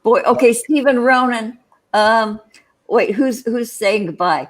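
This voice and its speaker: Chatty rambling woman host. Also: on the high side. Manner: rambling, restarts, quick laughs. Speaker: co-host of a livestream chat show. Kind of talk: casual chat.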